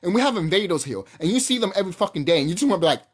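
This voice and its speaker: A channel host delivers a heated, profanity-laden rant straight to camera with no script. The voice swings widely up and down in pitch, and sentences often break off and restart mid-thought as the speaker pushes a point. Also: sing-song, very fast, husky.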